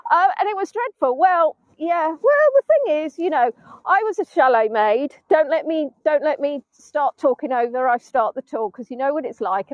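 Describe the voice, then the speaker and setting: A woman's voice: sits high, no echo. A middle-aged English woman guiding a live virtual tour from the sand dunes. She chats to viewers, mocks herself and breaks into bits of song. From England. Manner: chatty, self-mocking, breaks into snatches of song. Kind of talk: casual live-stream chat. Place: outdoors in sand dunes by the sea. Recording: dull, dry phone-stream audio.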